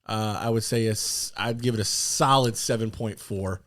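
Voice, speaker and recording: A man co-hosting a casual podcast chat, rambling with lots of fillers and sudden excited outbursts. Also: lowish voice, normal speed, no room sound, studio quality. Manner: animated, excitable bursts between rambling fillers. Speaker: podcast co-host.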